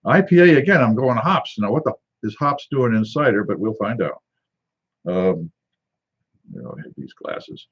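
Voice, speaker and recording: A man's voice: fairly low pitch, very animated, normal speed, husky, lo-fi sound. A man hosting a casual tasting video, reading a can label aloud and joking to himself in a rambling, wry way. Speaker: drink reviewer.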